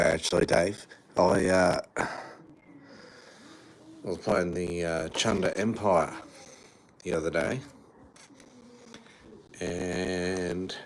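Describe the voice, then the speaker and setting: A man's voice: low-pitched, a little hiss or hum. A man live-streaming, chatting casually and laughing between sweary remarks. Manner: relaxed, laughing, sweary banter.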